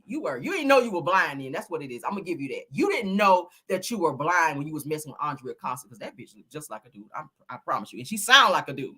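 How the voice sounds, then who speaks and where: A bright, lively woman dishes celebrity gossip in sassy, profane, casual chat. She swoops up and down in pitch and acts out the people she talks about. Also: fast talker, few pauses, husky.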